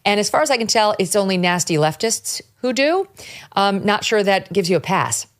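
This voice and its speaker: A woman's voice: medium pitch, animated, moderate pace. A woman hosting a political talk show, delivering commentary in a sarcastic, mocking tone. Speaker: host.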